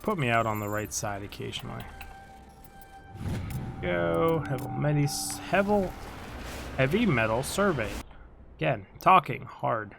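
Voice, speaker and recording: A man's voice: medium pitch, vocal fry, sharp tone. A tired man giving casual, rambling commentary on a video game he is playing, swearing and joking at what happens on screen. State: tired, yawning. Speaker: let's play host.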